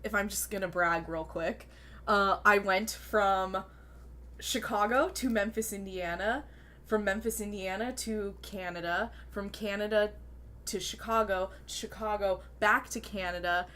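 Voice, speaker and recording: Laid-back woman with a bright voice. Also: medium pitch, fairly even intonation, unhurried. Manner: laid-back, chatty, drawls fillers like "yeah" and "um". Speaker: pro wrestler, podcast co-host. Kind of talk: casual chat.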